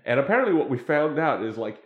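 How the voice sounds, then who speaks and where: A man's voice: medium pitch, very animated, fast, narrow, tinny audio. A man chatting casually about a TV show he watched, rambling with many fillers and restarts. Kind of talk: casual chat reacting to a TV show. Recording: roomy echo.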